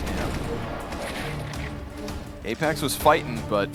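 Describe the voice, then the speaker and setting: A man's voice: fairly high pitch, loud music behind the voice. Man calling esports play-by-play. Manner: rapid excited play calls. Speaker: play-by-play caster. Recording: game gunfire behind. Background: gunfire from the match.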